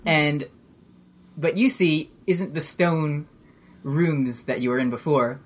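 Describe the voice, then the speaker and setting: Male game master, husky and relaxed, casual narration. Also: fairly high pitch, takes it slowly. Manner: laid-back, swearing, laughs at himself.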